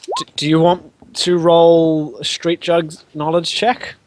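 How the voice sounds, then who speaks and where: A man's voice: on the high side, takes it slowly, slight background noise. Rambling man running a tabletop game. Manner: rambling, hesitant, laughing often. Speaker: game master.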